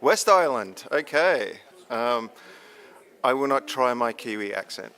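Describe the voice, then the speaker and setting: A man's voice: mid-range voice, expressive, measured pace, fairly bright tone. A man, a photography judge, introducing himself and critiquing a print with dry, easygoing humor. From Tasmania, Australia. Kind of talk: casual self-introduction and critique. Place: judging room.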